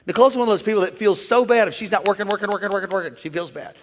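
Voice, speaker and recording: High-voiced man preaching in a reverberant hall. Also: rapid-fire. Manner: energetic, playful call-and-response with the crowd. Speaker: pastor. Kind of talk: sermon. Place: large church. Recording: long church hall reverb.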